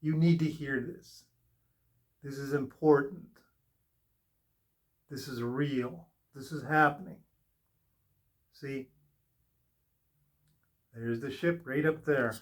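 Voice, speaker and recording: A man's voice: mid-range voice, slow pace, pauses often. A man giving a spiritual tarot reading in an earnest way, repeating short reassuring phrases. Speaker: tarot reader.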